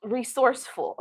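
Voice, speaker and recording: A woman's voice: on the high side, husky, dry recording. Blunt, profane woman telling stories. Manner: blunt, profane storytelling with frequent laughs. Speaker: tarot reader and livestream host. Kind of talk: casual livestream chat.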